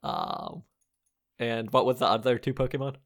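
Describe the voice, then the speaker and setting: A man's voice: mid-range voice, moderate pace. A man co-hosting a podcast, chatting casually with a joking, playful manner and frequent laughs. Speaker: podcast co-host. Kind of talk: casual comedic chat.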